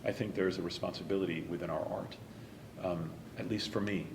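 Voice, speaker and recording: A low-voiced man talks about his stage work with earnest, open feeling, sometimes dropping almost to a whisper. The room is echoey, with steady noise behind him. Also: a little fast, gravelly. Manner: earnest and emotional, some lines softly whispered. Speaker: interview guest, stage actor. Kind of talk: reflective interview talk.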